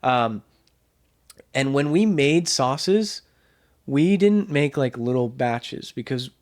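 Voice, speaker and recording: A man's voice: medium pitch, lively intonation, takes it slowly, darkish tone. A young man co-hosting a casual sibling podcast, telling a rambling funny story and laughing along. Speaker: podcast co-host. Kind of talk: casual chat.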